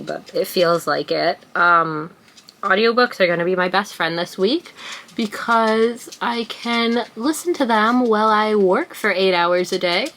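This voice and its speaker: This book vlogger, a woman in her twenties, has a medium-pitched, fairly bright voice. Filming a casual reading vlog indoors at home, she raves about books and turns to address her pet mid-sentence now and then.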